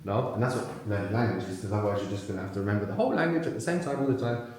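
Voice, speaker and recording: A man leading a live workshop, prompting the audience with questions and explaining in quick bursts. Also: on the low side, darkish tone. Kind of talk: live classroom teaching. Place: large room with a live audience. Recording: very echoey room.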